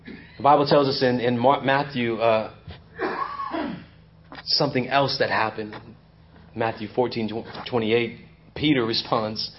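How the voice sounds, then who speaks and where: A male pastor preaching a sermon, swinging between loud emphasis and hushed intensity. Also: mid-range voice, steady tone, measured pace, pauses often, muffled recording, slight background noise. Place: church.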